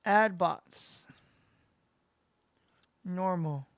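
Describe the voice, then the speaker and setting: A woman's voice: lowish voice, extremely slow, no echo. A woman giving casual livestream commentary as she plays a game, chatting and reacting aloud to the match. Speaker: game streamer.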